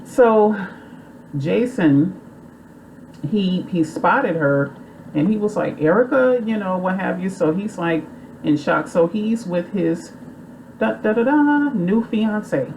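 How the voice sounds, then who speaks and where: Low-voiced chatty woman recapping a movie. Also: lively intonation, slow pace, pauses often, darkish tone, a little hiss or hum, low-quality recording. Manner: rambling, chatty, full of fillers. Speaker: movie reviewer.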